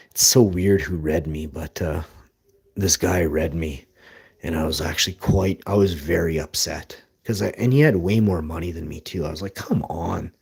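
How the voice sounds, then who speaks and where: A man telling rambling, boastful stories as a live streamer, with bursts of loud laughter. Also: sits low, breathy edge. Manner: boastful, rambling, laughs loudly mid-story. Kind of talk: rambling storytelling.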